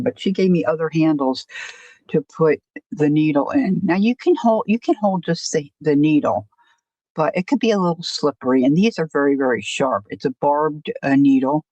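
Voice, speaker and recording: A woman's voice: deep voice, mellow, no room sound, muffled recording. A woman hosting a casual crafting livestream, rambling and self-deprecating, often stopping to restart her sentences. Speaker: crafting channel host.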